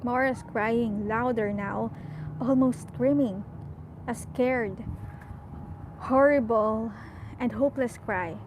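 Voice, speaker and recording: A woman narrates a novel in a calm, measured way. Her voice sits a touch higher than most, and she colors the tense moments with soft expression. The recording is clean and close. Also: background noise. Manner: measured, softly expressive storytelling. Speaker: audiobook reader. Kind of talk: reading a novel aloud.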